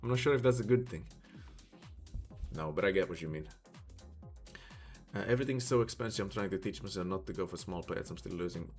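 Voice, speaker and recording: Low-voiced and brisk but with long pauses, the Swedish livestreamer chats casually over faint background music. He speaks with a Swedish accent, wandering through his thoughts with plenty of fillers.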